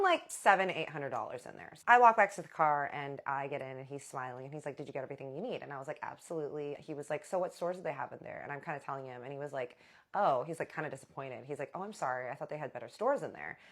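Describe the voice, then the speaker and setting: A young woman telling a casual storytime to her viewers, chatty and animated, calling them y'all. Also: low-pitched, quick pace. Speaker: storytime vlogger.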